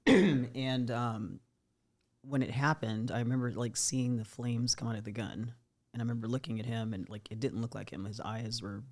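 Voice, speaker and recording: A woman, a podcast guest, recounting events in relaxed, conversational talk full of "like.". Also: extremely low pitch, normal speed. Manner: conversational, loose with fillers like "like". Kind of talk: casual storytelling.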